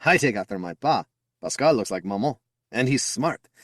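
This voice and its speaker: A man's voice: mid-range voice, animated, moderate pace, a bit bright, no echo, studio quality, voice pushed up, natural voice. A man voicing an eager, boastful young man who talks proudly and affectionately about his little brother. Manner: upbeat, chatty and affectionate.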